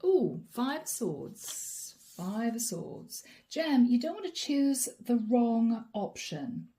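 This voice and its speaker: A woman's voice: a little high, very animated, slow pace, mellow, slight background noise. A woman giving a chatty channeled tarot reading to camera, laughing often and voicing her listeners' inner thoughts. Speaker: tarot reader.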